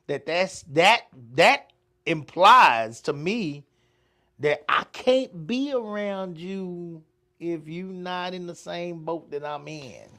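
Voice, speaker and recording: A man's voice: high-pitched, lively intonation, slow pace, pushed and bright. A middle-aged man hosting a casual podcast chat, profane and joking, stammering and laughing often. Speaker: podcast host.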